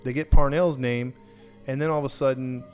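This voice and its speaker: A man at a middle pitch tells a true crime story in a loose, rambling way. He restarts often and slips into quick quoted dialogue. Faint music sits under his voice. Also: steady tone, darkish tone. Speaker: podcast host telling a true crime story. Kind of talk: casual storytelling.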